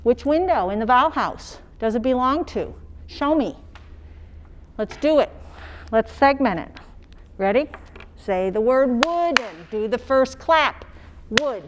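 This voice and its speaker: A woman teacher demonstrating phonics, sounding out words slowly and singing little chants the way she would for young children. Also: on the high side, expressive, a little hiss or hum. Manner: slow, sing-song teacher talk modeling sounds for young children.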